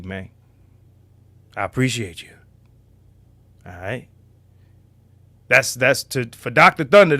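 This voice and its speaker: Loud, profane livestream host, bright voice. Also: male voice, no echo, clean studio sound. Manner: loud and profane, drops to a low mutter at times. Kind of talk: casual livestream talk.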